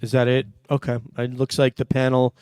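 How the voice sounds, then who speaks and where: Man hosting a livestream, smooth clear voice, dry close sound, chatty and jokey. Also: mid-range voice, completely flat delivery, a little fast, no room sound. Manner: chatty, jokey, thanks viewers warmly. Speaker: host reading super chats. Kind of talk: casual livestream chat.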